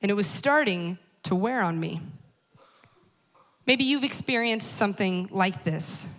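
At a church talk series, a woman in her thirties shares a personal story with a wry, conversational touch, speaking directly to listeners. Her medium-pitched voice is animated and a bit bright, and she takes her time.

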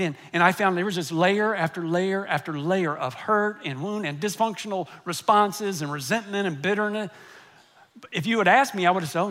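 Middle-aged pastor, high tenor voice, animated sermon storyteller who drops to a hush for effect. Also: male voice. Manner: animated storytelling, swinging between loud and hushed.

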